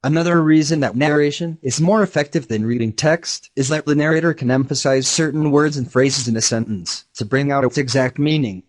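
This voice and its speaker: Text-to-speech guy narrating a lesson, even and measured. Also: on the high side. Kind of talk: scripted narration.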